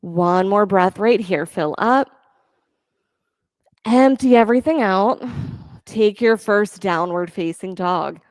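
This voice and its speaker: A woman yoga teacher leading a class, giving calm, encouraging step-by-step cues for breath and poses. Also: medium pitch, slow, long pauses, dry recording. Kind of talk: guided yoga class instruction.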